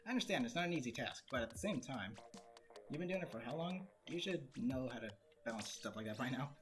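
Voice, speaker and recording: A man giving casual, joking commentary while streaming a game, quick to laugh and to grumble about it. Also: medium pitch, animated. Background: game music.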